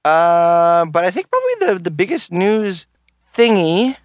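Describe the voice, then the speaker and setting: A man hosting a casual gaming podcast, his pitch leaping around as he jokes and laughs. He sits a little higher than most men, and his voice comes across dry and close to the mic. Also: big pitch swings, unhurried, dry recording. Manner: joking, laughs often, crude. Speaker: podcast host.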